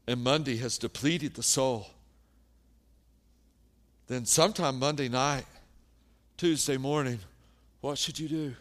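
A man preaching a sermon as pastor, animated and emphatic, dropping soft and then rising loud. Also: medium pitch.

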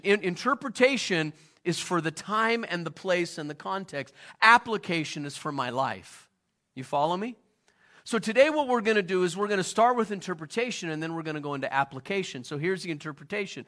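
A middle-aged pastor preaches a sermon in a bright, forceful voice pitched a little high, expressive and fairly quick. His style is conversational, and he keeps posing questions to the congregation as if chatting with them.

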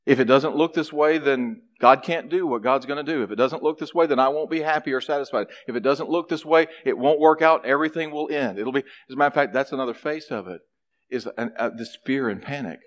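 A man preaching a sermon, animated, acting out a character's complaints in a raised voice. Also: medium pitch, a little fast. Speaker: pastor.

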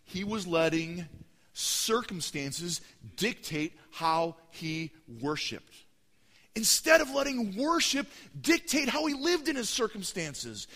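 Animated preacher in a reverberant hall. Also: male voice, sits high, slow pace. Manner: animated storytelling, acting out voices. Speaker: pastor. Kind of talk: sermon.

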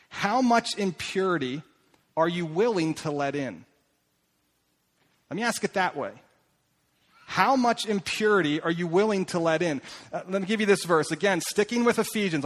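Middle aged pastor guy with a high voice, preaching, keeps asking the same questions, goes quiet then punchy. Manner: asks questions again and again, emphatic then hushed. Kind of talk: sermon.

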